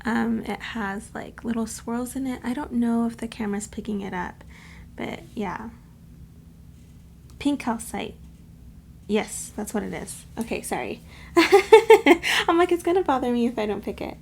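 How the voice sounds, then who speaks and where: Gravelly-voiced woman doing a tarot reading. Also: a little high, expressive, a little slow, a little mellow, slight background noise. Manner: chatty and affectionate, keeps addressing viewers as "my loves". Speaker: tarot reader. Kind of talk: casual pick-a-card tarot reading to camera.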